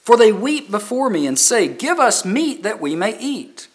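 A man's voice: high-pitched, big pitch swings, unhurried, slightly rough. A man preaching a sermon as pastor, reading scripture aloud and driving points home with repetition.

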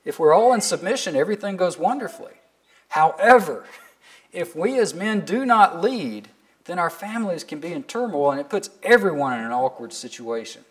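Male preacher, sermon delivery, higher pitch, very animated intonation, earnest questioning. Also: normal speed. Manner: earnest, asks the listeners pointed questions; reads scripture aloud with emphasis.

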